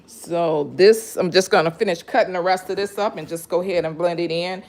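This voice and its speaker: A woman's voice: on the low side, fairly quick, darkish tone, a little hiss or hum. Chatty woman juicing fruit on a live stream. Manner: chatty, greets viewers by name, laughs often. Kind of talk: casual live kitchen chat. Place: home kitchen.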